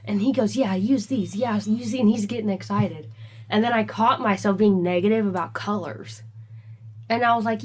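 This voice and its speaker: A woman co-hosting a podcast, telling a story in a casual, animated way and acting out the dialogue. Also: medium pitch, normal speed, breathy edge. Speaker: podcast co-host.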